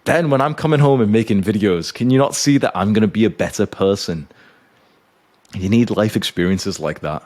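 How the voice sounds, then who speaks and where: A man's voice: fairly low pitch, moderate pace, darkish tone. A young man who coaches YouTubers, giving an intense motivational monologue to camera and swearing often. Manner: intense, swears often, urgent pep talk.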